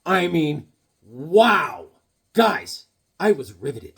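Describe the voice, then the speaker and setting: A man's voice: fairly high pitch, big pitch swings, very slow, gravelly, husky. A man casually chatting about his comic books, rambling and cracking corny one-liners. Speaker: comic book vlogger. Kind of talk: casual comedic chat.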